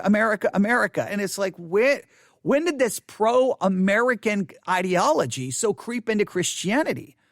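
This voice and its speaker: A man's voice: sits high, a bit bright, no room sound, studio quality. A man hosting a theology podcast, talking in an emphatic, opinionated monologue full of repetition and wry asides. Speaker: podcast host. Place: West Texas.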